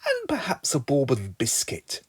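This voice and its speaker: A man's voice: medium pitch, huge pitch swings, measured pace, breathy edge, no room sound. A man with an English accent performing comic poetry in a theatrical, mock-grand recitation style. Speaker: comedic poet, show host.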